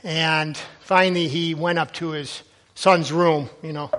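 Middle-aged male pastor, high voice, earnest exhorting sermon delivery. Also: steady tone, a little slow, background noise.

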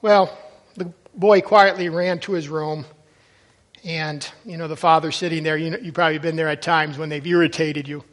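High-voiced earnest preacher. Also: male voice, fairly even intonation, normal speed. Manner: earnest, exhorting, with restarts. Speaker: pastor. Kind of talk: sermon.

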